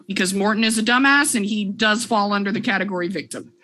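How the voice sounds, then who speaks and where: A woman's voice: mid-range voice, quick pace, bright, forceful tone, a little hiss or hum. A woman playing a tabletop game, chatting casually and asking the game master questions. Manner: chatty, asks questions in turn. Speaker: player.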